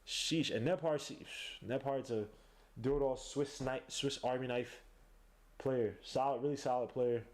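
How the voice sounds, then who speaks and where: Man, podcast host, live watch-along commentary, slangy, excitable, middle-pitched. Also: measured pace. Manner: excitable, slangy, bursts into shouts at big plays.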